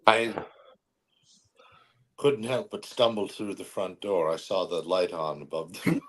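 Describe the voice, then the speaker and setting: A man's voice: low voice, unhurried, a bit bright, rough recording. A man in casual chat with a wry, playful manner.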